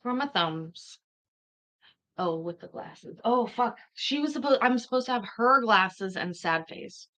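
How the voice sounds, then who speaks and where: Slow-talking joking woman streamer. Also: a little high, lively intonation, a bit bright. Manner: chatty, joking, talks to viewers and chat. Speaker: streamer commenting on court hearings. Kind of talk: casual reaction commentary.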